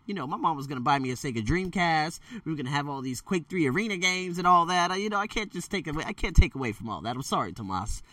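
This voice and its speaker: Bright, rambling man telling stories. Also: fairly high pitch, fast, hardly any pauses, no echo, far from the mic. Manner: rambling, loose and candid, full of fillers and self-corrections; animated, jumps into quoted voices. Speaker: storyteller vlogger. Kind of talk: casual spoken storytelling. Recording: dry sound, set back from the mic.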